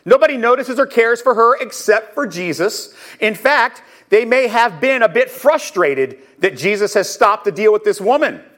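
Male pastor, earnest sermon delivery, emotional, slightly high pitch. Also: lively intonation, normal speed, hardly any pauses, a bit bright.

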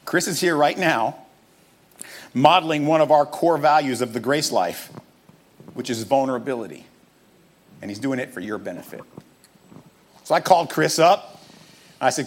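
Emphatic, animated preacher man. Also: mid-range voice, normal speed, long pauses. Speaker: pastor. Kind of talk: sermon. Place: church stage with audience.

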